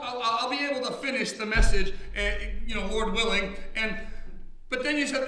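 A middle-aged man preaching a sermon in a loud, booming drill-instructor voice, heard in a church hall. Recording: echoey hall from far off.

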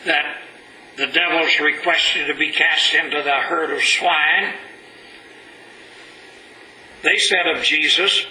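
A male preacher delivers a sermon at an unhurried, deliberate pace. His voice is high and strikingly bright, and he leans hard on the scripture he reads aloud. The church room rings with echo, and a faint hiss sits underneath. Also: fairly even intonation. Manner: slow, emphatic preaching, reading scripture aloud in a rising voice.

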